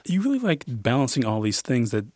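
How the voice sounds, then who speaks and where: A male interviewer talks at a rapid clip, hunting for words and restarting his phrases as he lays out an idea. His voice is mid-pitched, and it is recorded dry and close. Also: huge pitch swings, darkish tone, no echo. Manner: fast, searching phrasing with restarts. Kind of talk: conversational interview.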